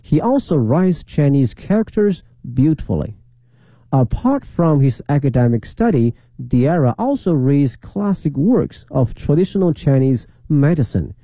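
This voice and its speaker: Male radio presenter, dark mellow tone with an animated pitch, reads a scripted feature. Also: unhurried, no echo, poor audio.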